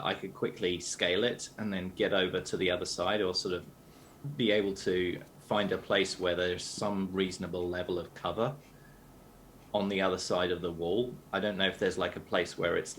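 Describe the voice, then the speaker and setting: A man's voice: sits low, a bit bright, slight background noise. A British man playing a tabletop game, thinking aloud with lots of hesitant fillers. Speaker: player.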